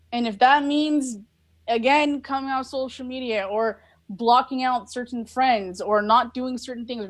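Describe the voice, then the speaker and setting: A woman's voice: on the high side, no room sound. A woman speaking as a guest on a podcast, in an earnest, reflective casual conversation full of filler likes. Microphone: recorded over a live video call.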